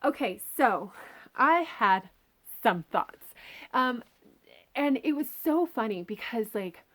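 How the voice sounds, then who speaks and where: A woman's voice: fairly high pitch, animated, slow pace, fairly bright tone. A woman reviewing a book in a casual, chatty, enthusiastic way, full of filler words. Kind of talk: casual chat.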